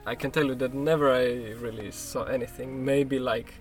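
A man speaking softly and hesitantly in a casual conversation, with lots of fillers. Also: medium pitch, steady tone, normal speed, over loud music. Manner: soft-spoken, hesitant, filler-heavy.

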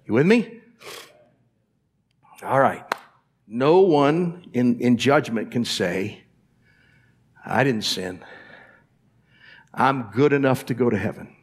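A man preaching a sermon as pastor in a church, talking straight to the congregation and asking them to answer back. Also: mid-range voice. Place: church sanctuary.

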